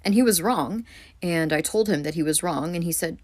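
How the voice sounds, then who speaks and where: Low-voiced poet woman, dry close sound. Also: moderate pace, no echo. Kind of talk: storytelling to camera.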